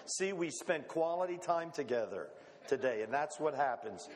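A man's voice: fairly high pitch, animated, normal speed. A middle-aged man preaching a sermon as pastor, folksy and conversational, full of rhetorical questions. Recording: long hall reverb.

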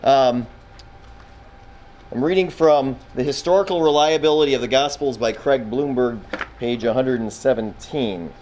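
A man's voice: mid-range voice, a little mellow, low-quality recording. A man leads an informal Bible class in a classroom, in a mid-range voice. He talks in a loose, conversational way, throws questions out to the students and often backs up to restart a sentence. Faint noise sits under the recording.

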